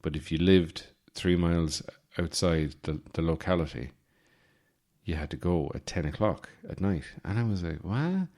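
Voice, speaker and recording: An Irish man in his forties, hosting a podcast with a rambling, deadpan comic monologue full of fillers and restarts. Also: low voice, moderate pace. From Ireland. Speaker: podcast host.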